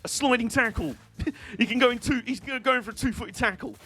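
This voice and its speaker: A man's voice: very high-pitched, brisk, pushed and bright, soft background music. A British man streaming a video game, giving casual, joking and rambling commentary. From Britain.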